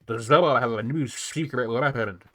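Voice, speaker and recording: A man voicing a haughty female alien hive ruler from a video game, reading her lines slowly and solemnly. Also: mid-range voice, a bit bright, lightly acted. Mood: imperious. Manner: slow, solemn, commanding delivery. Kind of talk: reading game dialogue aloud in a voice.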